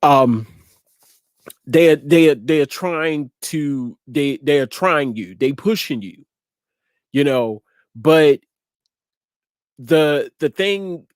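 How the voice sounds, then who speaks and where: A man's voice: on the high side, extremely slow, pauses often, no echo. Man, talk show host, repeats words, dry close sound. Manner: laughs often, repeats words, slangy. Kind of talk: casual chat to a live audience.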